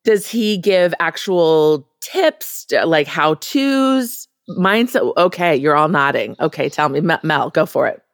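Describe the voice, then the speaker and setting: A woman hosting a casual chat with a wry, brisk manner as she steers the talk. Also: sits low, lively intonation, dry recording, studio quality. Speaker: podcast host.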